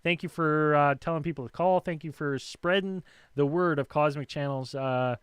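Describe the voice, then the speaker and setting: A man's voice: a little high, moderate pace, clear, resonant tone, dry recording. A man hosting a call-in podcast, talking in an upbeat, chatty way. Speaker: host. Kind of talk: casual chat.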